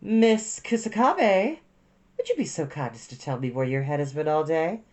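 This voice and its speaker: A woman's voice: low-pitched, big pitch swings, moderate pace, darkish tone. A woman voicing a stern, scolding schoolteacher who talks in a clipped way.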